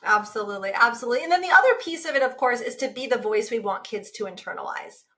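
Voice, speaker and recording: A woman in her forties talking casually about parenting as a guest, animated and acting out the voices she uses. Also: on the high side, quick pace. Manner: animated, acts out her own inner voice. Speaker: guest, self-compassion teacher. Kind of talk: casual podcast conversation.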